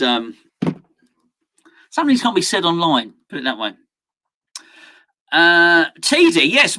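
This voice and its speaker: A man hosting a football watchalong live stream speaks in a sharp, higher-pitched voice. Casual and chatty, he reads viewers' messages aloud, laughs often, and has sudden outbursts.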